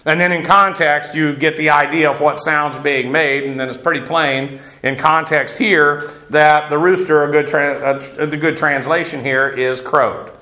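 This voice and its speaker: Echoey Bible teacher spelling Greek words. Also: male voice, on the high side, fairly even intonation, measured pace, hardly any pauses, pushed and bright. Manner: explanatory, spells out Greek words, frequent uh fillers. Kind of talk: Greek word-study lecture. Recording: echoey room with faint noise.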